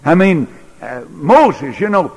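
A man preaching a sermon in a large church, folksy, swinging between loud bursts and quiet asides. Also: on the high side, sing-song, takes it slowly, vocal fry, breathy edge. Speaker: pastor. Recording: echoey church hall recording.

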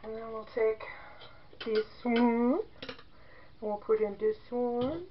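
A woman's voice: a little high, level tone, slow pace, lo-fi sound, a little hiss or hum. A woman in her forties chatting casually as she demonstrates soap making, rambling into joking asides. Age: 40s.

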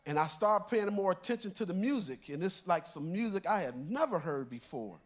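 Older guy preaching, fairly high voice, chatty storytelling, chuckles as he goes. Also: big pitch swings, brisk, few pauses. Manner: conversational, storytelling, chuckles through lines. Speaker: church elder preaching. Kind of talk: sermon told as a personal story.

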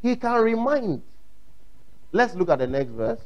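A man's voice: high voice, sing-song, a little slow, lo-fi sound. A man with a Ghanaian English accent preaching a sermon, emphatic and repeating his points, acting out quotes. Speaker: pastor.

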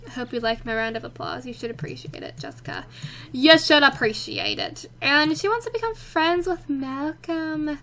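Bright, excitable young woman commentating a game. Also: sits high, normal speed, few pauses, slight background noise. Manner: chatty, excitable, talks to her game characters. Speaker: let's play host.

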